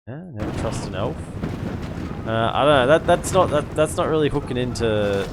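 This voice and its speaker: A man's voice: mid-range voice, lively intonation, normal speed, noisy background. A man giving casual live commentary on a strategy game, chatty, repeating himself and giving orders to his units. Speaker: game streamer. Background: game music.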